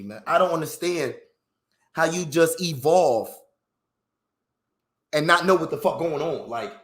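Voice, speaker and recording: Man, high voice, swings all over in pitch, swearing rant, roomy echo. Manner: animated, swearing, heavy slang, rhetorical questions. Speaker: vlogger. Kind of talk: profane, rambling opinion rant.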